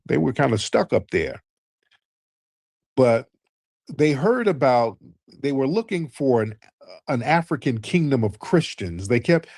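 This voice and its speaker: A man's voice: on the low side, darkish tone, dry recording, studio quality. A male host of a call-in show who argues with a caller in a mocking tone, keeps calling him "sir", and then lectures at length. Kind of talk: live call-in show commentary.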